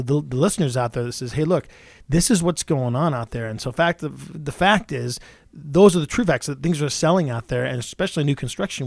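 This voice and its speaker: A man in his forties hosting a radio talk show as a real estate agent, talking quickly with many restarts and repeated words. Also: medium pitch, gravelly, darkish tone, no room sound, clean studio sound. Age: 40s.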